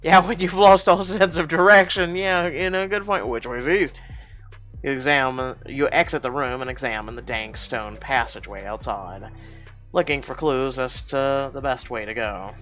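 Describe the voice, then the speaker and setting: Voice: medium pitch, steady tone, moderate pace, a bit bright, highs cut off, faint music behind. Wry streamer reading a story game. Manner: wry, sarcastic asides and laughter.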